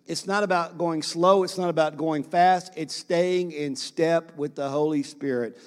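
A man with a high voice preaches a sermon from the pulpit. He works the congregation with repeated phrases and questions, and his voice rings with the long reverb of a large hall. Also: steady tone, unhurried, smooth. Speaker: pastor.

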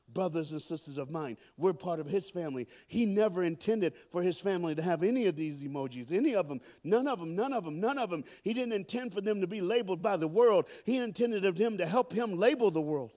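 A male pastor preaching a sermon with call-and-response, building to loud climaxes. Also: a little high. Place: church.

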